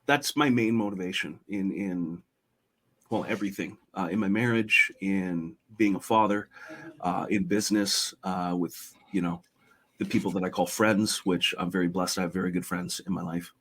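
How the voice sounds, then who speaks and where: A man's voice: low voice, moderate pace, fairly bright tone. A middle-aged man, a podcast guest, talking earnestly and retelling a parable in a conversational way. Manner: retells a parable, voicing characters lightly.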